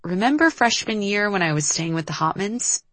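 A woman's voice: medium pitch, expressive, moderate pace, fairly bright tone, no echo, voice pushed up, lightly acted. A woman voicing a young woman, a former runaway, speaking hesitantly and carefully. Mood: guarded.

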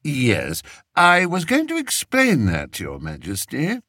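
A man voicing a scheming, smooth-talking courtier with an unctuous, measured manner, in an audiobook. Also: on the high side, huge pitch swings, sharp tone, dry recording, clean studio sound, pitched above the performer's own voice, full character voice. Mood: oily. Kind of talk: audiobook character voice.

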